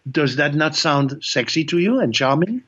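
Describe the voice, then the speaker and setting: A man's voice: on the high side, expressive, moderate pace, a bit bright, slightly rough, muffled recording. Older man putting on a suave charmer. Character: charming young French man.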